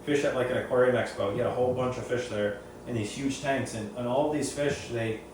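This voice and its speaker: A man's voice: mid-range voice, fairly even intonation, fairly quick. A man, a reef aquarium hobbyist, tells a story casually and gives his opinion, often repeating and restarting phrases. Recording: very echoey room, far from mic, faint noise.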